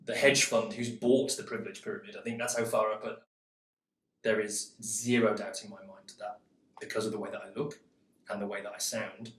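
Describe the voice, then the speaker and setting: English man, lowish flat voice, self-deprecating, echoey room. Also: a little fast, distant mic. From England. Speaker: interviewee. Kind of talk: candid interview talk. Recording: roomy echo.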